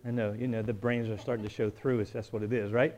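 A man as pastor, preaching a conversational sermon with joking asides and shifts between quiet talk and emphatic build-ups. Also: fairly low pitch, little pitch movement, fast talker.

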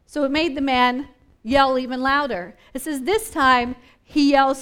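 A woman's voice: high-pitched, a little slow. A woman teaching a Bible study in a conversational way, wondering aloud and acting out the scenes she describes. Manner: animated, acts out scenes and voices from the story; thinks aloud with restarts and questions.

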